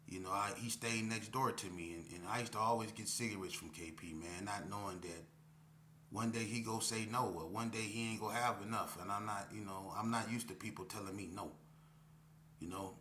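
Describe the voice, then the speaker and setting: Man storyteller, low-pitched, bright and forceful tone, slangy and candid, with faint hum behind. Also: normal speed. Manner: slangy and candid, repeats himself, acts out dialogue. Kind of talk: casual spoken storytelling.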